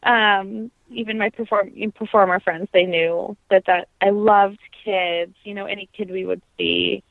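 A woman's voice: medium pitch, steady tone, a little slow, gravelly, no echo. A young adult woman, a trained opera singer, talks in a reflective, heartfelt way in a casual interview. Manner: reflective, heartfelt, many fillers. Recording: tinny phone-like sound.

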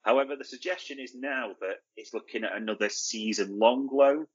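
A man's voice: mid-range voice, brisk, breathy edge, muffled recording. A man co-hosting a football podcast in casual chat, blunt and opinionated, asking and answering his own questions. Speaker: podcast co-host.

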